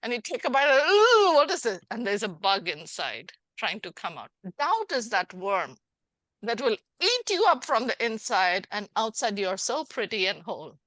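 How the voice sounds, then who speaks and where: A middle-aged woman, a life coach hosting a podcast, speaks in a mid-range voice with big pitch swings, a moderate pace and a slightly bright tone, without echo. In casual interview chat she talks animatedly and acts out little scenes in dialogue.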